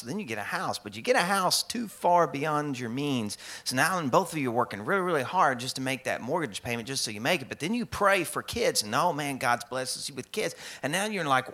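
A middle-aged pastor from the American South preaches to his congregation. His voice is bright and forceful, and his pitch sits in the ordinary middle range. He keeps the sermon casual and joking and acts out the people in his stories. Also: lively intonation, fast, few pauses.

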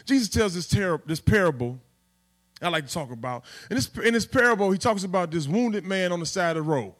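A man preaching a sermon at a church in street vernacular, swinging from loud outbursts to hushed asides. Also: fairly high pitch, expressive, brisk. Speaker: pastor.

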